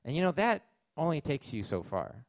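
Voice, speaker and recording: A man's voice: on the high side, sing-song, normal speed, no echo. A man with a Canadian accent preaching a sermon as pastor, conversational, with asides and fillers.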